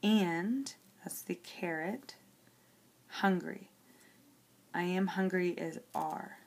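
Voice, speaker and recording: A woman's voice: on the low side, drawn-out words. A woman teacher working through a logic example on paper, explaining each step and checking in with "okay" as she goes.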